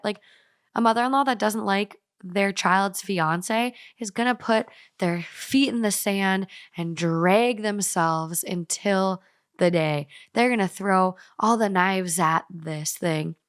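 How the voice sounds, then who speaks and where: A woman co-hosting a casual podcast, reading a story aloud in a brisk, playful way. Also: mid-range voice, dry recording, clean studio sound. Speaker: podcast co-host.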